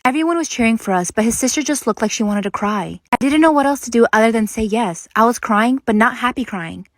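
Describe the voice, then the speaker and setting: A woman reads online stories aloud at a quick clip, her voice slightly high. The sound is dry and close. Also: expressive, no echo.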